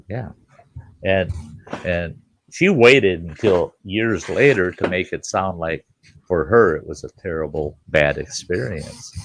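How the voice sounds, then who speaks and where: A man's voice: sits low, vocal fry, husky. An older man hosting a casual live chat, telling blunt, folksy stories with casual swearing and laughter.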